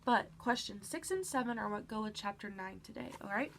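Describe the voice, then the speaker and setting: A woman's voice: medium pitch, animated, fairly quick, background noise. A woman teacher with a stuffy nose, patiently guiding children through a reading lesson and checking in with them often. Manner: patient, encouraging, frequent "all right" check-ins.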